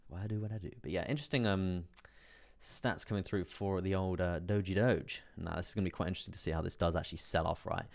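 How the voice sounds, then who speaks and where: A man's voice: sits low, fairly quick, gravelly. A young man chatting casually on a live stream, commenting on trades with lots of fillers and asides to viewers. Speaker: crypto trading streamer.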